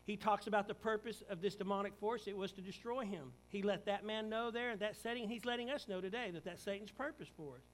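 High-voiced male preacher, emphatic bursts. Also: fast, few pauses, poor audio. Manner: preaching with rising, emphatic bursts and dramatized quotes. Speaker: pastor. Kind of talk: sermon.

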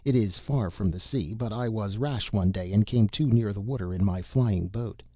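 Storybook alien read by a man: tall, eager green man, stilted earnest speech, low pitch, dull dry sound. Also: normal speed, no echo, close to an everyday voice.

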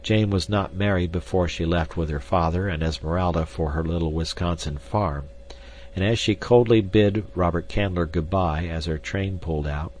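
A man reading a novel aloud as an audiobook narrator, measured and even. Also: low voice, a little hiss or hum. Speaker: audiobook reader. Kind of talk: scripted narration.

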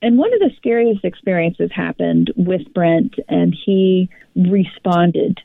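A woman co-hosting a podcast, telling a personal story in an animated, rambling way with many restarts. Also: on the low side, slow pace, gravelly, dry recording. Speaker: podcast co-host. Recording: dry, phone-like line.

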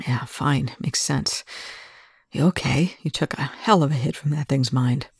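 A reader voicing a tired male military commander in a low, weary, hushed voice. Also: measured pace, gravelly, husky, no echo, heavily acted.

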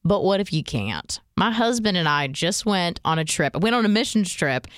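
A woman co-hosting a casual comedy podcast, jet-lagged, animated and quick to laugh. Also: lowish voice, dry recording, clean studio sound. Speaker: radio co-host.

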